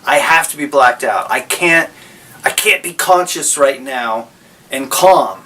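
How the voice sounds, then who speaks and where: A man voicing an enraged young male clone who shouts in desperation, recorded from a distance. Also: medium pitch, animated, a little slow. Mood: pleading.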